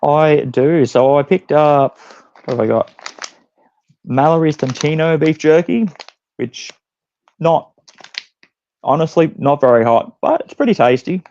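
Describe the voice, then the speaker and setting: A man with an Australian accent, a chilli competitor giving relaxed, short answers in a casual interview. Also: fairly high pitch, measured pace, pauses often, muffled recording, slight background noise. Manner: laid-back, brief answers. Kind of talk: casual chat.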